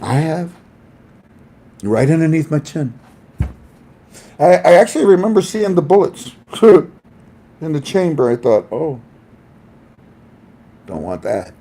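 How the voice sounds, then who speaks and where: A man hosting a casual monologue in an animated manner, laughing often and acting out voices. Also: fairly high pitch, a little slow, long pauses. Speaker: host.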